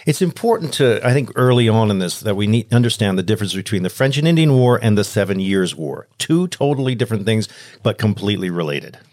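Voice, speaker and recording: A man's voice: on the low side, lively intonation, fast talker, a little mellow, dry recording, clean studio sound. A man hosting a casual history talk, chiming in with curious questions and comparisons. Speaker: podcast host.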